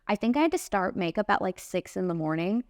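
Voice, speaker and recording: A smooth, clear-voiced woman in her late twenties, a podcast host and makeup artist, tells a personal story at a middle pitch. Her delivery is casual, emphatic, animated and brisk, heavy on "like" and "literally," with no echo and studio-quality sound.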